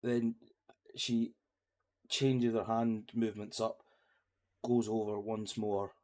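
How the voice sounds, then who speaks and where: Slow, low-voiced game master. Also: male voice, little pitch movement, darkish tone. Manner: slow, halting narration with many fillers. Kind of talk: narrating a tabletop game.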